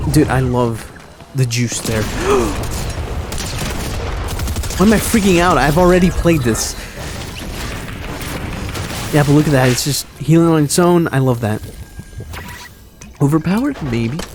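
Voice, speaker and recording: A man's voice: on the high side, expressive, a little slow, long pauses, noisy background. A man giving rambling, self-mocking commentary while replaying an old video game match. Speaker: gaming commentator. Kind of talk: casual gameplay commentary.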